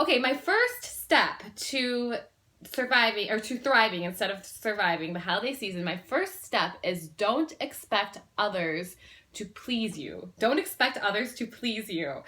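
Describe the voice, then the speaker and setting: A woman vlogger chatting straight to camera with a bright, forward tone. She rambles a little, fills gaps with ums and restarts her sentences. She sounds earnest as she shares her personal stories. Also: medium pitch. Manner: earnest and warm-hearted, sharing personal stories. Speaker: self-help vlogger. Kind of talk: casual talk to camera.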